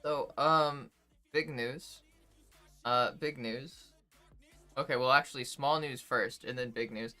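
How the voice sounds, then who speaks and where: A woman's voice: very deep voice, a little slow, bright, forceful tone, soft background music. A young woman livestreamer chatting casually with her viewers, emotional and close to tears, swearing freely as she reads chat aloud.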